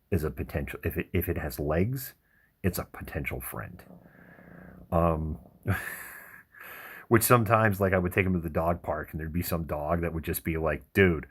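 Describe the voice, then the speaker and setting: Gravelly low-voiced man chatting. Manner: rambling, chuckling storyteller. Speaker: livestream host. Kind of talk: casual chat.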